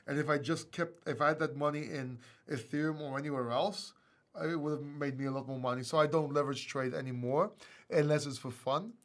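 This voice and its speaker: A man from Greece hosting a crypto live stream, chatting casually and answering viewer questions in an animated, self-mocking way with frequent laughs. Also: fairly high pitch, a little fast. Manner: animated and self-mocking, laughs often, bursts into loud acted outbursts.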